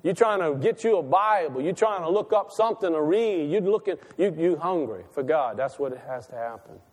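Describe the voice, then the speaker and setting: A man's voice: a little high, animated, a little fast, a little mellow. A man a sermon in a sanctuary, folksy and conversational, rising into impassioned calls. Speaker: preacher. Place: church sanctuary. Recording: long reverb of a church hall.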